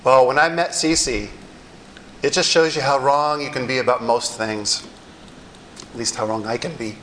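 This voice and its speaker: A middle-aged male pastor telling stories in a sermon, animated and wryly self-deprecating. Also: medium pitch, normal speed, a little hiss or hum, rough recording. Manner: animated storyteller with wry self-deprecating humor. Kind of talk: sermon storytelling.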